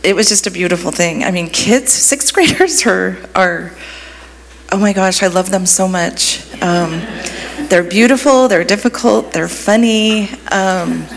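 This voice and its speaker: A woman's voice: medium pitch, a little slow, gravelly. A woman youth ministry leader giving an emotional personal testimony in church, gushing and full of fillers. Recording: long hall reverb, faint room noise.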